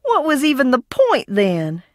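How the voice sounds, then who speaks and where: Sardonic, unhinged young heiress. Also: female voice, sits high, wildly swooping pitch, measured pace, no room sound, clean studio sound, heavily acted. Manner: sardonic, theatrical, swinging between taunts and outbursts. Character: eccentric, mocking young woman hiding in an old mansion. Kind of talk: video game voice acting.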